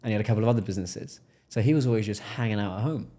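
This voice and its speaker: An English man speaks as a podcast guest, his voice sitting a little low. He tells his story with energy and often acts out the people he is quoting. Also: rapid-fire, warm tone. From England. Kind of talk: casual interview storytelling.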